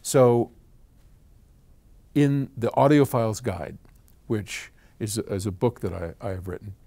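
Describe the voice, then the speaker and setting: In a warm, lowish voice at a measured pace, an older man who founded an audio company chats casually in answer to a viewer question. He rambles into tangents and chuckles at himself.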